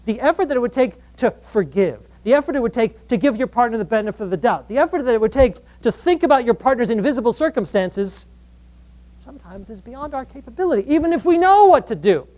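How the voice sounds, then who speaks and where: Animated woman lecturing a live crowd. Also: fairly high pitch, fast talker. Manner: animated, acts out quoted dialogue, frequent restarts. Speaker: relationship researcher giving a public talk. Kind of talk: lively public lecture. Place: live event before an audience.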